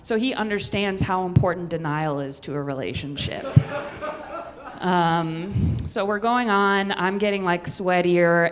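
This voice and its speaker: A woman from the Midwest telling a comedic story on stage, chatty and self-deprecating, with rambling asides. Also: fairly low pitch. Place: stage in a venue with an audience. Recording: long hall reverb.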